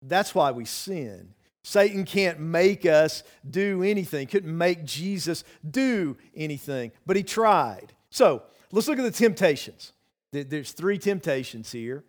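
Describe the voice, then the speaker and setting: A man's voice: high-pitched, animated, unhurried. A man preaching a sermon as pastor, earnest and conversational, often repeating words and restarting his sentences. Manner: conversational preaching with many "you know"s.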